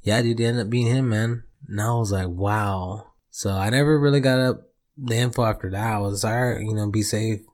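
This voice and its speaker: A man's voice: on the low side, steady tone, a little fast, darkish tone. A young man co-hosting a casual podcast, telling stories in a laid-back way, swearing often and calling his friend bro and dude. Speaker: podcast co-host. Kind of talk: casual chat.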